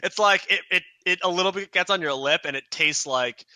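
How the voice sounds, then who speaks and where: A man's voice: high voice, brisk, no room sound. A man narrating as game master, telling the action vividly with lots of fillers and restarts. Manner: animated, vivid storytelling with many fillers and restarts.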